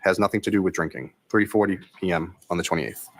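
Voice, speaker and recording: A state trooper testifying in court, reading text messages into the record in a flat, monotone way. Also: male voice, low-pitched, quick pace.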